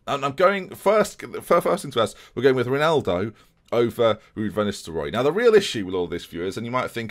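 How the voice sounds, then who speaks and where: A man's voice: medium pitch, big pitch swings, fairly quick. A man hosting a video game let's-play, talking viewers through it in a chatty, self-deprecating way. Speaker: gaming YouTuber host. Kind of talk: casual let's-play commentary.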